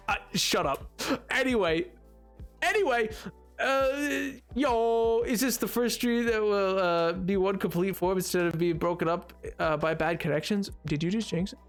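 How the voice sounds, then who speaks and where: A man's voice: sits high, a little slow, faint music behind. A man streaming a game, chatting and bantering playfully with his viewers. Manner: playful, teasing banter with chat. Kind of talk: casual live-stream chat.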